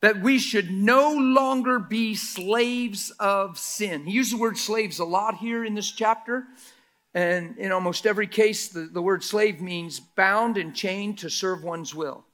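High, bright-voiced preacher man. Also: measured pace. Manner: emphatic preacher, rhetorical questions, swings from shouts to near whispers; mocks critics in a quoted voice. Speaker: pastor. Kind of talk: sermon.

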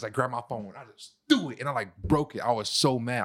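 A young man co-hosting a casual couple podcast, slangy and animated, full of "bro" and "you know what I'm saying". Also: lowish voice, fast talker, hardly any pauses, no echo. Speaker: podcast co-host.

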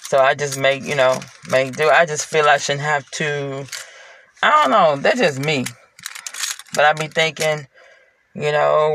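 A man's voice: on the high side, creaky, pushed and bright, a little hiss or hum. A man talking to his partner from inside a car, in a heartfelt, rambling personal monologue full of fillers. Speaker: parent speaking to a partner.

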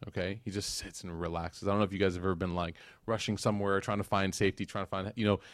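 A man giving a religious lecture as a casual, animated story, with slangy asides to the audience. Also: low-pitched, fast, no room sound. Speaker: Islamic lecturer.

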